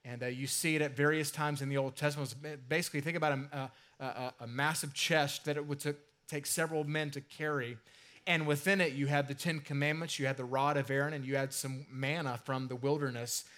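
A man's voice: a little high, fairly even intonation, a little fast, a bit bright. A man preaching a sermon in a casual, conversational way, with asides and filler words. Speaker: pastor.

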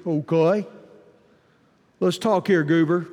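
A male pastor preaching a sermon, swinging from soft asides to shouted emphasis. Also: high voice, unhurried, gravelly, pauses often. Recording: long hall reverb.

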